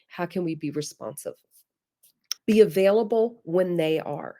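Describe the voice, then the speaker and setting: A woman's voice: on the low side, measured pace, mellow. A middle-aged woman presenting a parenting webinar, talking in an earnest, coaxing way with emphatic repetition. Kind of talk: instructive webinar talk.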